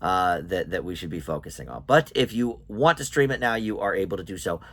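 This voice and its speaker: A man with a fairly low voice talks through a TV series review as host of his own show. He speaks casually and hesitantly, with lots of ums, you-knows and restarts as he gathers his thoughts. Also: expressive, a little fast, a bit bright.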